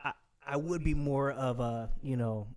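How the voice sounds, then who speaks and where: A man's voice: mid-range voice, a little slow, clear, resonant tone. A man talking as a guest on a casual podcast, laughing often and acting out dramatic scenes as he speaks. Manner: animated, laughs often, acts out dramatic scenarios.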